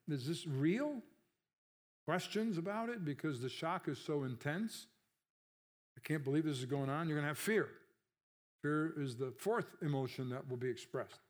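A man pastor delivering a conversational sermon, asking the congregation rhetorical questions and lifting his voice sharply on emphasized words. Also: a little high.

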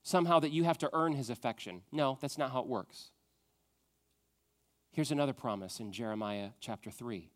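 A man preaching a sermon, moving from loud emphatic questions to a soft, hushed tone. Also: mid-range voice, moderate pace. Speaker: pastor.

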